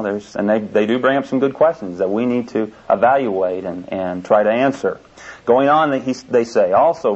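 A man's voice: lowish voice, darkish tone. Earnest male preacher, lo-fi recording. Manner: earnest, repetitive, with frequent restarts. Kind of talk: sermon. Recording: dull lo-fi recording.

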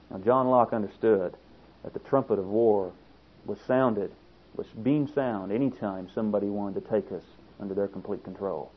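A man preaching a sermon with passion, building to emphatic peaks and then dropping low. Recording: tinny phone-like sound.

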